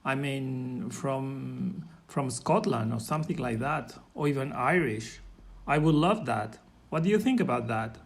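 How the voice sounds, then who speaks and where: A man's voice: medium pitch, animated, measured pace, vocal fry. A man in casual chat, speaking hesitantly, repeating and restarting words, making polite requests. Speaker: listener asking for feedback.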